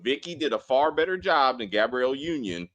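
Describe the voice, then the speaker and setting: A man co-hosting a casual TV review chat, animated and profane, acting out scenes and apologizing for his tangents. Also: medium pitch, brisk. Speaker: co-host of a TV review show.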